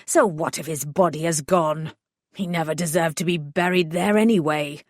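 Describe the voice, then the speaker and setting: A woman's voice: deep voice, moderate pace, dry recording, studio quality, close to an everyday voice. A woman voicing a spiteful retired male vicar who blusters and sneers, in an audiobook. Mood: contemptuous. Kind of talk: audiobook character voice.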